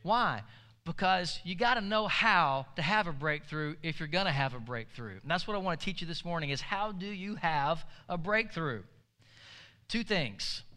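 A man's voice: on the high side, expressive, moderate pace, bright, forceful tone, clean tone. A man pastor preaching a sermon, telling stories in a conversational way and calling on the congregation to respond. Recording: echoey hall.

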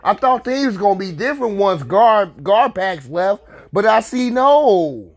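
A man ranting furiously as a sports fan, swearing, repeating himself and shouting in bursts. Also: high-pitched, very animated, unhurried. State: heated and upset. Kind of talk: angry rant to camera.

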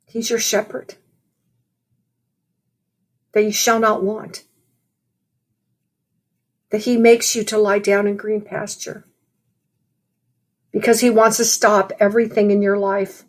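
A woman's voice: mid-range voice, level tone, takes it slowly, long pauses. Woman preaching in a conversational way. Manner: conversational, storytelling, frequent "you know". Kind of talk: sermon with personal story.

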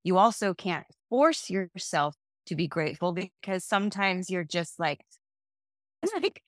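Low-voiced woman coach, animated talk. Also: unhurried, no echo, clean studio sound. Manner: warm-hearted, animated, acts out quotes. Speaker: podcast guest, breakup coach. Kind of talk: casual conversational podcast.

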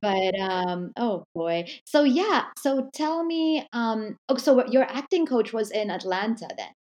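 A woman's voice: fairly high pitch, animated, a little slow, a little mellow. A woman hosting a podcast interview, chatting casually and asking long, rambling questions. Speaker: podcast host.

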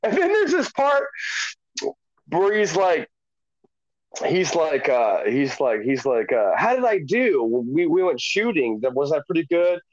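A man's voice: a little high, big pitch swings, unhurried, no echo. A man co-hosting a podcast, telling stories in casual, profane chat with frequent laughter. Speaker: podcast co-host. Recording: dull lo-fi dry sound.

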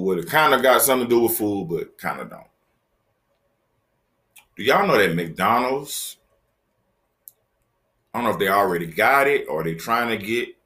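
A man with a lowish, sharp-toned voice hosts a casual solo podcast from a laptop setup, talking to camera. He jokes loosely and speaks directly to his listeners in slang.

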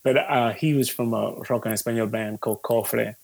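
Gravelly, husky man chatting loosely. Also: medium pitch, fairly even intonation, moderate pace. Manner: loose and rambling, with frequent fillers, swearing and laughs. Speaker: musician guest. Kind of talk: casual conversation.

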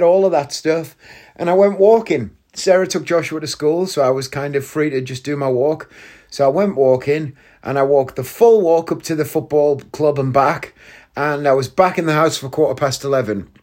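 A man's voice: a little high, normal speed, a little mellow. A man hosting a casual solo podcast, chatty and self-mocking, laughing at his own jokes. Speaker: podcast host.

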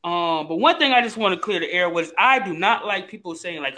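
A man co-hosting a podcast in casual chat, animated and teasing, swearing freely. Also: high-pitched, a little fast, hardly any pauses. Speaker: podcast co-host.

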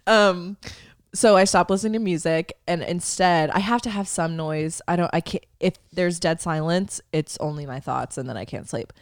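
A woman's voice: on the low side, moderate pace, dry recording, clean studio sound. A young woman co-hosting a podcast, laughing often and chiming in with short reactions before telling her own story. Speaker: podcast co-host. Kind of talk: casual chat.

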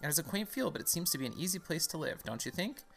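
A man's voice: fairly high pitch, very animated, fast, gravelly, a bit bright, voice pushed up, heavily acted. A man voicing a sweet, fussing young mother in a video game, with a doting, singsong manner.

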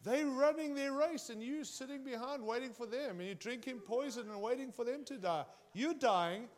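A man preaches a sermon at normal speed, addressing his congregation directly and emphatically. His pitch and volume swing widely.

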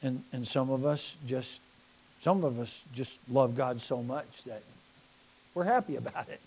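With a little hiss or hum in the background, a middle-aged American man preaches with mounting passion, addressing his congregation head-on and rising nearly to a shout. His pitch is medium and his pace unhurried.

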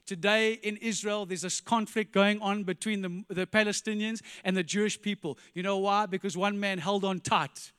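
A pastor preaching an animated sermon, firing rhetorical questions and dropping to quiet emphasis, in a church. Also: male voice, sits high, moderate pace, few pauses, clean tone, long reverb tail.

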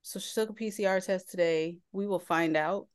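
A woman in her late thirties with a Philadelphia accent, co-hosting a casual podcast and telling stories in an animated way, often laughing. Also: on the low side, moderate pace, smooth. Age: 30s. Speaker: podcast co-host. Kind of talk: casual chat.

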